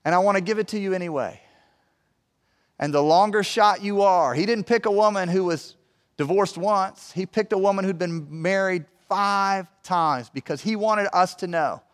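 A man's voice: high-pitched, fairly bright tone. A man preaching a sermon as pastor, conversational and emphatic, with many rhetorical questions. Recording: long reverb of a large hall.

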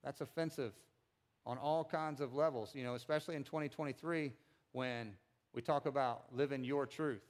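A man preaching a sermon as pastor in a conversational, animated way. He repeats words when making a point and acts out quotes with big swings in pitch and loudness. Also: moderate pace.

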